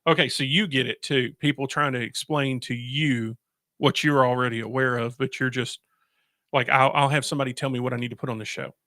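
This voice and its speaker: A man's voice: mid-range voice, fairly even intonation, fairly quick, bright, forceful tone, no room sound, clean studio sound. A man hosting a radio talk show, joking and telling stories with acted-out voices. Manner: jokey storyteller, acts out voices. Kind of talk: casual chat. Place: radio studio.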